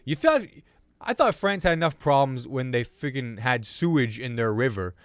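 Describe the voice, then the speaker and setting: A male comedian hosting his own podcast, riffing loosely on the news with self-mocking jokes and sudden loud bursts between hushed asides. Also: mid-range voice, lively intonation, normal speed, smooth, no room sound, clean studio sound. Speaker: podcast host and stand-up comedian.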